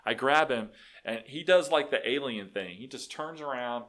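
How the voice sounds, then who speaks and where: A middle-aged man, a guest telling animated work stories with many restarts. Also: medium pitch, moderate pace. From Texas. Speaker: guest, business owner. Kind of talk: casual storytelling.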